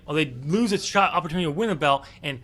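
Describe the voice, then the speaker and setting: A man co-hosts a podcast in a loose, casual chat. His voice is fairly high and bright, and he talks in an opinionated way, full of ums. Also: rapid-fire. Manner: opinionated, chatty with frequent ums. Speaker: podcast co-host.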